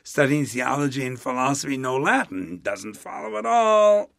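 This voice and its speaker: An older man in a casual interview, speaking in an animated, rambling way with chuckling asides. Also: medium pitch, moderate pace, gravelly, no room sound. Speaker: interviewee, Latin expert.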